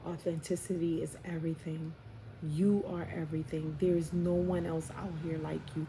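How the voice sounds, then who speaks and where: A tarot reader with a New York accent gives her viewers a heartfelt spiritual reading, preaching and calling them y'all and baby. Her low voice holds a level tone at normal speed, captured in a noisy home recording.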